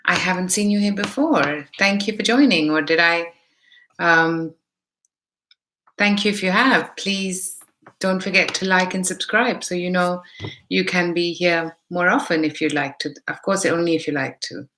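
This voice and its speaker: This is a woman with a lowish, slightly bright voice who talks at an unhurried pace. In a mixed Indian accent, she chats through a live tarot stream, saying hello to viewers by name and voicing her thoughts as she interprets the cards.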